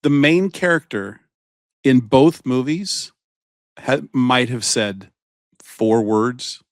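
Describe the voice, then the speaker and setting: A man's voice: mid-range voice, takes it slowly, no room sound, studio quality. A man co-hosting a podcast, talking in a loose rambling way full of fillers and tangents. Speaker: podcast co-host. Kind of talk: casual chat.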